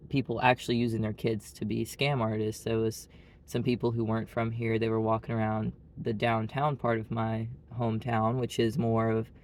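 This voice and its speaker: This Arkansas man has a medium-pitched, darkish voice and a Southern Arkansas accent. He's a vlogger rambling bluntly through a casual story, leaning heavily on "like."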